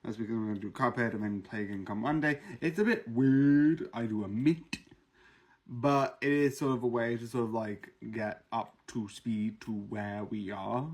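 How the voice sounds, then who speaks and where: A man's voice: mid-range voice, normal speed. A man from Britain reviewing a show in a casual vlog, rambling with many fillers and restarts. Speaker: video reviewer and streamer.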